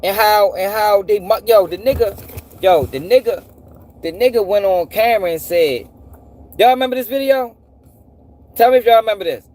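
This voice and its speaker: A man hosting a live stream, animated and profane, repeating himself and firing off rhetorical questions. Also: sits high, normal speed, long pauses, a little hiss or hum. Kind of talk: casual commentary to a live audience.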